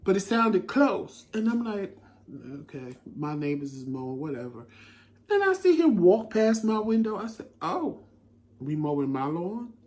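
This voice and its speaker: Animated storytelling man, slightly high. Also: unhurried. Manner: animated, laughing storyteller who acts out his own quotes. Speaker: talk show co-host. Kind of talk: casual storytelling chat. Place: home living room.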